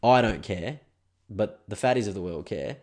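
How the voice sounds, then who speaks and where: A man's voice: on the low side, expressive, moderate pace, darkish tone. A young Australian man hosting a podcast alone, ranting casually and swearing. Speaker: podcast host. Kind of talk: solo podcast rant.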